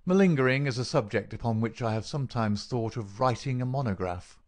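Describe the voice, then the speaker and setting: A man reading a calm, wry detective. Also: medium pitch, fairly quick, lightly acted. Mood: explaining.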